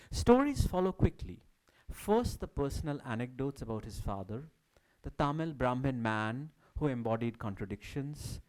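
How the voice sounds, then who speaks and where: A man reading a prepared academic talk at a symposium, with a measured, declamatory delivery. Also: medium pitch, a little mellow, poor audio. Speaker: academic speaker. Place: symposium hall.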